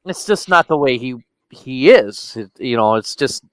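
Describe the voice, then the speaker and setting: A man in a casual podcast chat, halting and searching for words, upset but still joking. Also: medium pitch, animated, smooth, dry recording.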